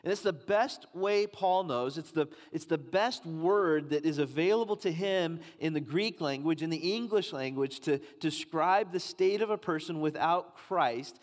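Emphatic preacher in a reverberant hall. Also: male voice, on the high side, a little slow, hardly any pauses. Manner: emphatic preaching, rising and pressing on key lines. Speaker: pastor. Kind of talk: sermon. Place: church sanctuary. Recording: long reverb of a large hall.

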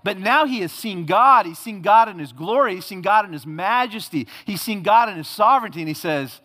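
A male pastor delivers an emphatic sermon, pressing his point with repeated phrases and questions to the congregation. His voice sits a bit higher than most men's. A long reverb trails each phrase, as from a church sanctuary. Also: lively intonation, brisk, pushed and bright. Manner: emphatic, with rhetorical questions and repetition.

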